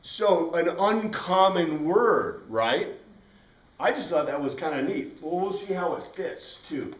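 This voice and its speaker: Bible class teacher, male, chatty and rambling, slightly high voice, distant mic in a reverberant classroom. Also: expressive, unhurried. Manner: chatty, rambling, spells out words letter by letter. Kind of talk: informal classroom lecture. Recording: roomy classroom heard from a distance.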